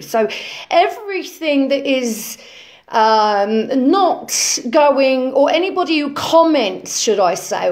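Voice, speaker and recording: A woman playing a rambling smug influencer. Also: on the high side. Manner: rambling, full of ums, repeats herself. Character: self-important woman conspiracy influencer, preachy and rambling. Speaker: lecturing influencer character. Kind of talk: parody lesson monologue.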